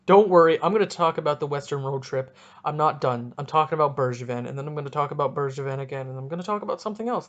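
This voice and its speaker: A man hosting a casual solo sports podcast, talking in an excitable, rambling and jokey way, with a stuffy nose. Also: fairly high pitch. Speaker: podcast host.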